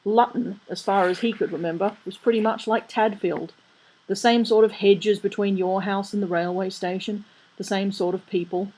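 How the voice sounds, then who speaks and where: A woman's voice: mid-range voice, steady tone, moderate pace, darkish tone, poor audio. A woman reading a comic novel aloud in a dry, wry manner. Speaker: audiobook reader. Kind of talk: storybook narration.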